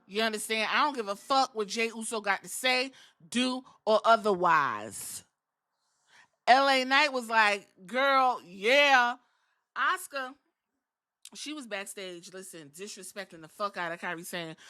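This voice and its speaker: Femme vive et crue qui raconte la lutte. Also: female voice, medium pitch, a little fast. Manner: animated, profane storytelling. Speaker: podcast host. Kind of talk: casual wrestling recap.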